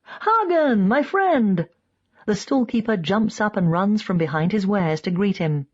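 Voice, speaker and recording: A woman's voice: moderate pace, darkish tone, husky, highs cut off. A woman narrating an audiobook in first person, lifting her voice for quoted speakers. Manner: reads in first person, voicing quoted speakers with raised pitch. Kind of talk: scripted narration.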